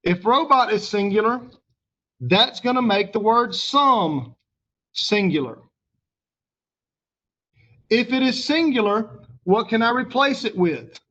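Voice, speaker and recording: A male teacher, patiently walking a class through a grammar lesson and pausing for their answers. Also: extremely high pitch, animated, a bit bright, muffled recording. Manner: patient, asks the class questions and pauses for answers.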